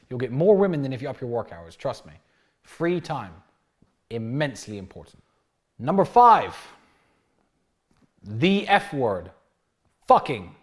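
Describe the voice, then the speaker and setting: A man giving a blunt, crude motivational monologue about dating, acting out bits of dialogue along the way. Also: medium pitch. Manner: acts out little dialogues in different voices. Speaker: dating and lifestyle talker.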